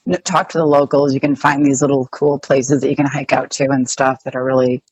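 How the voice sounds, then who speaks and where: A woman from the United States recounts a story in casual, chatty fashion, full of likes and restarts. Her voice is notably low for a woman. The sound is dry and close. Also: little pitch movement, brisk, darkish tone, husky, no room sound. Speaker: interview guest.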